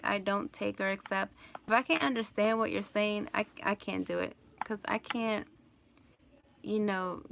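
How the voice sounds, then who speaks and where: A woman's voice: medium pitch, gravelly, a bit bright, slight background noise. A woman vlogger chatting casually on a live stream and answering viewer questions, rambling and laughing often. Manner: rambling, laughs often, lots of "like" and "you know".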